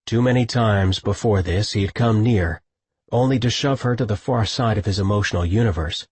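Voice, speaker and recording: A man reading scripted audiobook narration with a husky voice, close to a studio mic. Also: on the low side, normal speed, a little mellow, no room sound.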